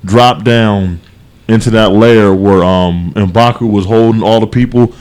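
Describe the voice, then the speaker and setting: A man co-hosting a podcast, talking casually in a rambling, animated way with many restarts and fillers. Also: fairly low pitch, a little slow, smooth. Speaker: podcast co-host. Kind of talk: casual chat.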